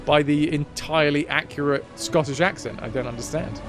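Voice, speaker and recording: Over music, a somewhat high-voiced man speaks fairly quickly. His casual game-stream commentary is jokey and meandering, full of breaks where he interrupts himself and begins again.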